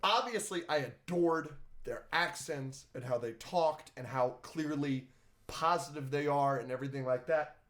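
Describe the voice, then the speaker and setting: A man with a fairly high voice gushes through a casual film review chat as a podcast co-host. He gets excited fast and swears freely, words tumbling out in eager bursts.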